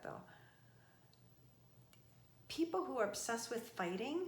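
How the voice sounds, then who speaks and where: A middle-aged woman motivational speaker giving earnest, emphatic advice straight to camera. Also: on the high side. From from an Italian family. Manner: earnest and emphatic, with animated outbursts. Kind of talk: direct-to-camera advice talk. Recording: echoey room.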